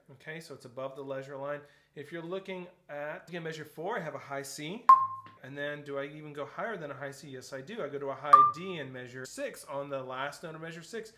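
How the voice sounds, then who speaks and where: A man teaches a percussion lesson in a room that rings with echo, a light hiss underneath. His voice sits a little high for a man. He explains step by step, counts out beats and calls out notes and stickings. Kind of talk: instructional tutorial. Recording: echoey room with faint noise.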